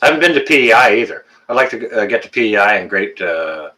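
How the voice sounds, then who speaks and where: A man's voice: fairly low pitch, sing-song, fast, sharp tone. A Canadian man in his fifties chatting casually with viewers on a live stream, joking and teasing, with frequent fillers and restarts. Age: 50s. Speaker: livestream host.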